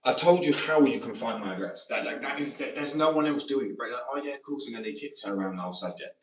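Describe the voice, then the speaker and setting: A man's voice: medium pitch, lively intonation, fast talker. A man with a slight Australian twang, ranting to camera in a profane, combative, rambling monologue. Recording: roomy sound from a distant mic.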